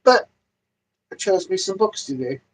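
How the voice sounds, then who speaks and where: On his livestream, a man rambles loosely, repeating himself and swearing nonstop in a profane rant. His high voice swings up and down with lots of animation as he grumbles, though he talks a little slowly. The rough recording carries slight background noise.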